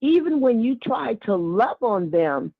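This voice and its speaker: A woman calling in to a radio show, speaking heartfelt and casual, with warm asides and repeated words. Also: on the high side, very animated, unhurried, slightly rough, no echo. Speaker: caller. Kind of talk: casual call-in talk. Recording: tinny phone line.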